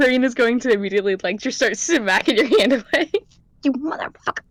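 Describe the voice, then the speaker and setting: A woman's voice: fairly high pitch, animated, a little fast, no echo. Giggly woman playing a tabletop game. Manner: giggly, playful. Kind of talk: casual game chat.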